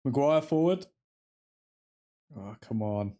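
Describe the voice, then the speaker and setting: A man's voice: medium pitch, expressive, slow pace, warm tone. A man hosting a live football watchalong, reacting to the play as it happens and chatting with his viewers. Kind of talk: live match commentary and fan chat.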